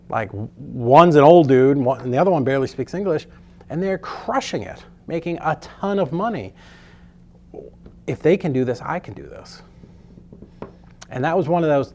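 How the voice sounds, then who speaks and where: A middle-aged man with a darkish, mid-range voice teaches a real estate course through casual storytelling. His delivery is loose and chatty, and he swears a lot.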